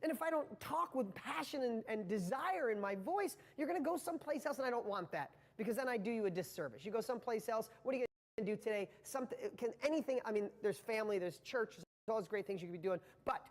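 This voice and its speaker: A man's voice: very high voice, long reverb tail. A man giving a live motivational training talk to viewers, speaking with passion and a rambling flow full of restarts.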